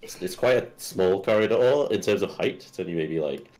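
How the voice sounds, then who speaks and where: A man's voice: low-pitched, animated, normal speed, darkish tone. A man narrating a tabletop game as game master, loose and filler-heavy.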